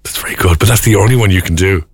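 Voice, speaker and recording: A man's voice: deep voice, very fast, breathy edge, no echo. A man with an Irish accent co-hosting a morning radio show in a studio, with playful, chatty banter. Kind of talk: breakfast radio chat.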